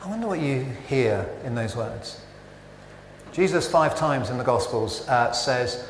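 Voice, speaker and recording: Chatty preacher in echoey church. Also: male voice, medium pitch, unhurried, slight background noise. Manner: conversational, self-interrupting, animated rhetorical questions. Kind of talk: sermon. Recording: echoey church with long reverb.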